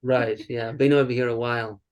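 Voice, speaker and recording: A man's voice: medium pitch, steady tone, a little fast, darkish tone. Kiwi guy who sounds british now, easygoing and jokey on a zoom call. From New Zealand. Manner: good-humoured, laughs easily. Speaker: devotee. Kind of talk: casual chat over video call. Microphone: video call.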